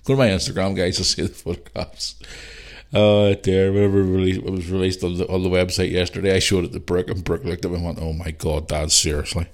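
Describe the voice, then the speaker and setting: A man's voice: low voice, completely flat delivery, fast, darkish tone. A middle-aged man with a Northern Irish accent, hosting a casual solo podcast and chatting in a rambling, ranting way. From Northern Ireland. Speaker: podcast host.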